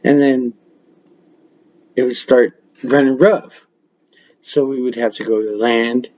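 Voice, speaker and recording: A man with a mellow, darkish voice tells loose stories on a practice podcast, swearing freely and breaking into laughs. The audio is dull and lo-fi, like a webcam mic. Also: mid-range voice, fairly even intonation, takes it slowly. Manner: profane, laughing, rambling storyteller. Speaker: podcast host. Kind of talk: casual storytelling.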